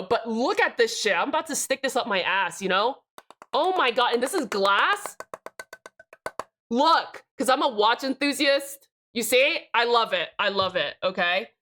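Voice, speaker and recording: A woman's voice: a little high, fairly bright tone. A woman live streamer chatting casually with her chat, joking and swearing, with rambling restarts. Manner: profane, joking, reads out chat names.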